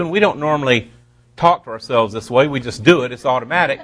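A pastor preaching a sermon to his congregation, slowing down to stress key words and dropping playful asides. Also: mid-range voice, fairly bright tone.

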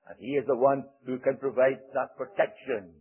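A man preaching a sermon in a solemn manner, quoting archaic scripture with dramatic pauses. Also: mid-range voice, steady tone, breathy edge. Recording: tinny phone-like recording.

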